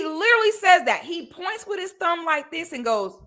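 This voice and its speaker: A woman telling a personal story on a livestream in a casual, animated, slangy way. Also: high voice, normal speed, hardly any pauses.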